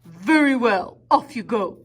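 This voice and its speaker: A woman voicing a mean, big, ugly male troll in a storybook read-aloud for children, loud and threatening. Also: a little high, lively intonation, unhurried, husky. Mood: menacing.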